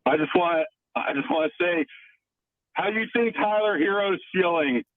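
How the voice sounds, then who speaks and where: A man's voice: high voice, normal speed, dry recording. A man calling in to a sports radio show, talking earnestly and pushing his point. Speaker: radio caller. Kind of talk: casual call-in chat. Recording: tinny phone line.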